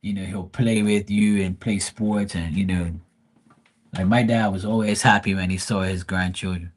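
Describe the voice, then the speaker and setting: A man's voice: deep voice, steady tone, normal speed. A man grieving, talking casually and profanely in a rambling livestream, often restarting his sentences. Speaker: tarot reader streamer.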